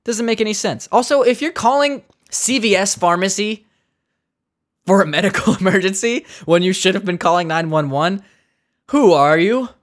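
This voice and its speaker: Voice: mid-range voice, lively intonation, moderate pace. A comedian delivering an exasperated, profane comedic rant, talking casually and sarcastically to listeners.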